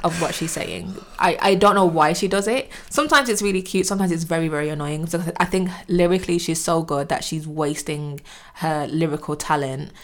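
Young woman, lowish voice, casual chat, frank and opinionated, swears freely. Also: brisk. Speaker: podcast co-host.

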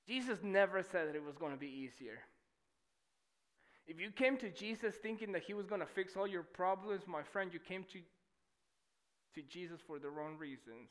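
Young guy pastor preaching in church, high lively voice, goes from shouting to almost whispering. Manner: animated, swings from shouting to near-whispers. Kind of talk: sermon.

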